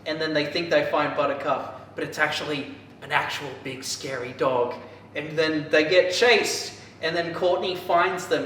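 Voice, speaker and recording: A man casually recapping a book for a podcast, rambling and animated, with lots of filler words. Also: a little high. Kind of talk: casual chat. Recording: echoey room, distant mic, faint hiss.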